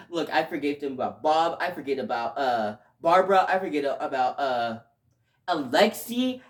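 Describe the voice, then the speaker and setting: A man giving a casual video review, talking emotionally and rambling, with sudden loud outbursts between quieter stretches. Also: on the high side, lively intonation, moderate pace. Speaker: show reviewer.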